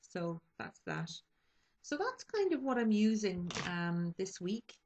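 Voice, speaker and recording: A woman's voice: mid-range voice, very animated, slow, darkish tone, slight background noise, rough recording. A young woman vlogger talking casually about her makeup picks, hesitant and full of ums and restarts. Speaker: beauty vlogger. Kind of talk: casual makeup chat to camera.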